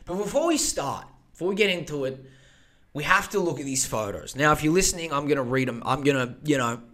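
A podcast host talking on his own in a loose, profane rant with frequent asides. His voice sits high for a man and sounds bright and forward. He jumps from one thought to the next without pausing much. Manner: crude, profane, rambling asides. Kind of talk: casual solo podcast rant.

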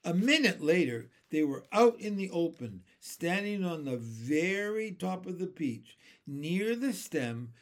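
Slow, expressive man reading a storybook. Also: sits high. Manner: expressive storytelling with small slips. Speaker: reader. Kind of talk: reading a children's book aloud.

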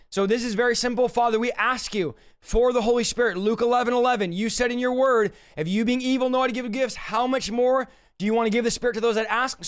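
On a livestream, a man with a very high voice preaches and leads prayer, urgent and exhorting. His voice is hoarse, and his throat sounds scratchy.

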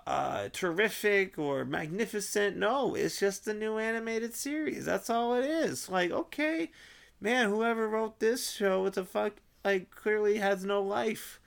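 A man rambling in a casual vlog monologue, swearing and cutting himself off, in an unusually high, strained voice. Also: a little slow, vocal fry. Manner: rambling, swearing, self-interrupting. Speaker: vlogger.

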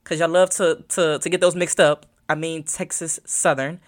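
A woman's voice: deep voice, fairly even intonation, moderate pace. A young adult woman, a college student, chatting casually to her viewers, rambling and thinking aloud while she searches her phone. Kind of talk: casual vlog chat to viewers.

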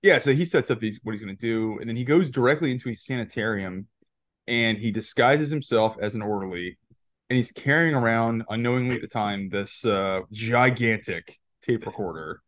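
A man's voice: medium pitch, normal speed, a bit bright, dry recording. A man co-hosting a podcast, rambling through a movie recap in casual chat, laughing often and restarting his sentences. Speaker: podcast co-host.

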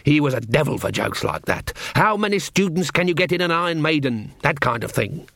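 A man voicing a roguish male dwarf adventurer who talks in a slow, dry, matter-of-fact way in an audiobook. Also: on the high side, big pitch swings, vocal fry, fairly bright tone, dry recording, heavily acted. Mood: deadpan.

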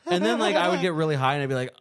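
A man's voice: on the high side, lively intonation, very fast. A young man co-hosting a casual podcast, rambling through crude jokes with lots of "like" and frequent laughs. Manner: rambling, filler-heavy, crude, laughs often. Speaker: podcast co-host.

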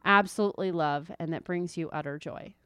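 Earnest lower-voiced mom, dry mic. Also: female voice, a little fast, bright, forceful tone, no room sound. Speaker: podcast co-host. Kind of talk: casual faith podcast chat.

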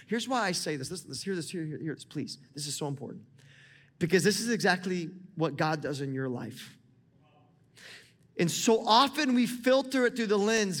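A man in his thirties, a pastor, preaching a sermon to a congregation in a lively, conversational way, often calling on them to listen. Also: sits high, normal speed. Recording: long hall reverb.

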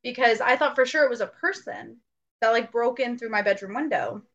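This young adult woman co-hosts a podcast and tells a story in casual chat, animatedly acting out the quotes. Her voice is fairly high and a little fast, captured in a dull lo-fi recording.

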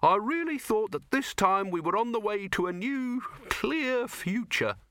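A man's voice: high voice, lively intonation, measured pace, bright, forceful tone, no echo, voice pushed up, heavily acted. A man voicing a gloomy, doubtful male alchemist in an audiobook, in a raised, wistful voice. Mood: glum. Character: old fussy male alchemist, gloomy and sighing.

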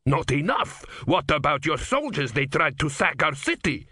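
A man's voice: on the high side, very animated, normal speed, sharp tone, slightly rough, dry recording, pitched above the performer's own voice, exaggerated voice. A hot-headed, indignant male leader who blusters in outrage. A male audiobook reader acts him out in a slightly raised voice. The recording is close and dry.

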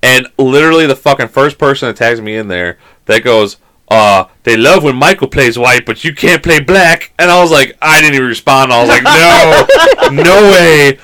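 A man's voice: mid-range voice, normal speed, sharp tone. A man co-hosting a podcast, telling stories in a casual, swearing, joking way. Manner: swearing, storytelling, laughing. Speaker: podcast co-host. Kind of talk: casual chat.

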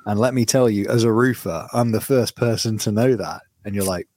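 A low-pitched man in casual podcast chat, joking and hopping between topics. The sound is dry and close, with no room behind him. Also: a little fast, darkish tone, no room sound. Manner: chatty, jokey, jumps between topics. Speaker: podcast co-host.

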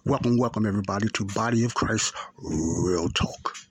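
A man's voice: fairly low pitch, moderate pace, slightly rough. A man in his fifties hosting a podcast, telling a story in a rambling, repetitive way and often correcting himself. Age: 50s. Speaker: podcast host. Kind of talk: casual talk and storytelling.

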